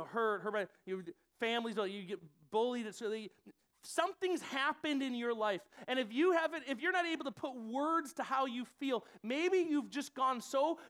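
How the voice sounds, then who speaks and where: A man's voice: very high-pitched, a little slow, smooth. Conversational man preaching. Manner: conversational, animated, acts out quoted voices. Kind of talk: sermon. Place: church room with audience.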